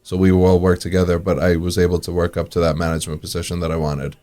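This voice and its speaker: Deep-voiced New man telling stories. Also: monotone, fast, warm tone. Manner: acts out quoted dialogue in anecdotes, chuckles often. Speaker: restaurant owner, interview guest. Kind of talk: casual storytelling in an interview.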